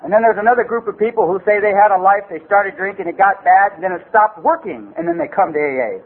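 Fairly high-voiced guy telling his story at a recovery meeting, streetwise, rambles, says you know constantly, tinny old tape with a bit of hiss. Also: animated, fast, gravelly, slightly rough.

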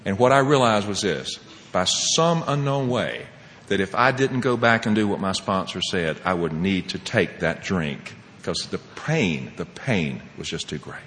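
A man sharing his personal recovery story as a speaker at a meeting, animated and laughing often, swinging between loud and hushed. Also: deep voice, a little slow, long reverb tail, slight background noise.

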